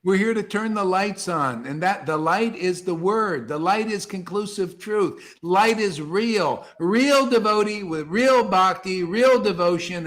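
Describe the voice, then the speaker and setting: A man giving an impassioned devotional talk to an online group, preachy and fervent, swinging between soft asides and loud exclamations. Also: high-pitched. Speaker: spiritual teacher leading an online satsang. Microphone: video call.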